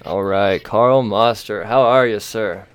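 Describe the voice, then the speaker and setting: A man hosting a casual podcast from a small studio room, chatty and quick to laugh, with lots of fillers. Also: lowish voice, smooth, no echo. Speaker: podcast host.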